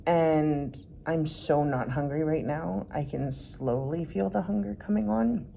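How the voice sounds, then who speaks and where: A woman's voice: low voice, a little slow, vocal fry, mellow, a little hiss or hum. A woman vlogging about her day, tired and emotional, close to tears and sighing as she talks. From Canada. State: tearful. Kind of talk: personal vlog.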